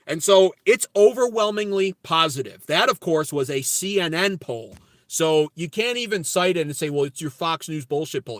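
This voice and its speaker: Give me a man hosting a political livestream with an American accent, reading and mocking chat in a loud, cutting rant. His voice is bright and forceful, and the recording is dry and close, like a small car interior. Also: fairly high pitch, no room sound. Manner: brash, profane, ranting. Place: inside a car.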